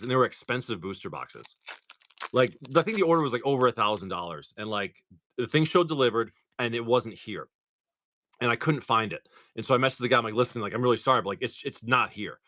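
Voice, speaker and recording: A man's voice: medium pitch, a bit bright. A man hosting a casual livestream, rambling through stories full of "like" while opening trading cards. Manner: rambling storyteller, lots of "like".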